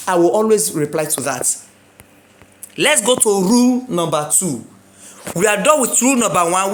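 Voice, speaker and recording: Lively woman teacher drilling word stress. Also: mid-range voice, reverberant. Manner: drills example words slowly, coaxing questions to the viewer. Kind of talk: exam-prep English lesson.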